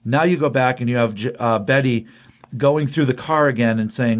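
A male comics podcast host walks through a plot in loose, rambling chat full of fillers. His voice sits at an average pitch, and his energy is easygoing and enthusiastic. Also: fairly quick.

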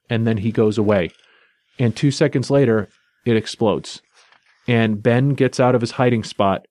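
A man's voice: medium pitch, darkish tone, no echo, clean studio sound. Chatty man recapping with enthusiasm. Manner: enthusiastic, chatty, loose storytelling. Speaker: comic book reviewer. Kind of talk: casual spoken recap and review.

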